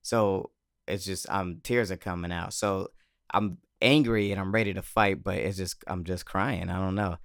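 Gravelly low-voiced man telling a story. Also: normal speed, dry recording. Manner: animated, swearing, laughs often. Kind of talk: casual storytelling chat.

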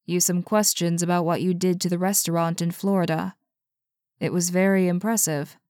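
A woman's voice: on the low side, little pitch movement, normal speed, darkish tone, dry recording, studio quality, lightly acted. A woman voicing a polite interviewer questioning a mysterious subject. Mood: probing.

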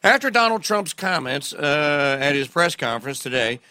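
A man hosting a political talk radio show, animated and sarcastic, often laughing at the news he reads out. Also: fairly high pitch, normal speed, no room sound.

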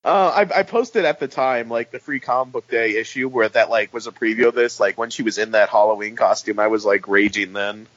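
A man's voice: fairly low pitch, fairly quick, few pauses, fairly bright tone. A man co-hosting a podcast, chatting casually about comics in a rambling, laughing way. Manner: rambling, laughing, breaks into goofy quoted voices. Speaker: podcast co-host. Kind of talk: casual comic-book chat. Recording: dull, slightly lo-fi sound.

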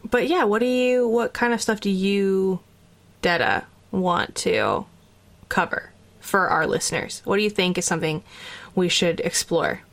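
A woman's voice: mid-range voice, animated, unhurried, vocal fry, a bit bright. Easygoing woman, hesitant podcast co-host. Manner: easygoing, hesitant, many ums and likes. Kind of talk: casual chat.

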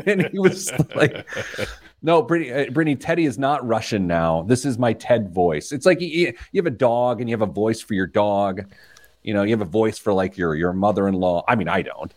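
Lively, low-voiced man hosting a podcast. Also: a little fast. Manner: playful, rambling storyteller with lively pitch swings. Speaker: podcast host. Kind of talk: casual chat.

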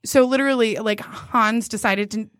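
A woman's voice: fairly high pitch, fairly even intonation, moderate pace, a bit bright, dry recording, studio quality. A young woman co-hosting a casual chat, rambling through stories with lots of "like" and frequent laughter. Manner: laughs often, rambling storyteller with many "like"s. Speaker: podcast co-host.

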